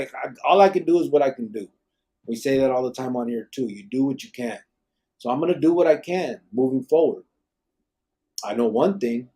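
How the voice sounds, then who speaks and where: Blunt, swearing man, dark voice. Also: mid-range voice. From Arizona, USA. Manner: blunt and emphatic, heavy swearing, slang. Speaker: podcast host, former gang member. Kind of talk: live podcast talk, reading viewer comments.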